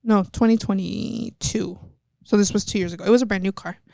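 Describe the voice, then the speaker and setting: A woman's voice: mid-range voice, fairly even intonation, a little fast, creaky, dark tone, no room sound. A young woman from Texas, a professional wrestler, telling a personal story step by step in a candid interview. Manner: earnest, retelling events step by step.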